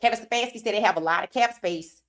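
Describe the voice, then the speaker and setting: A woman hosting a live sports talk stream, reading viewer comments aloud and reacting with animated opinions, her voice worn from hours of streaming. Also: medium pitch, fast talker. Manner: animated, talks straight to chat, reads comments aloud. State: losing her voice.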